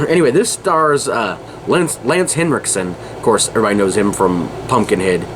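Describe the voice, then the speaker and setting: A man's voice: lowish voice, normal speed, background noise. A man in his forties hosting a casual podcast, rambling and chuckling often. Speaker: podcast host.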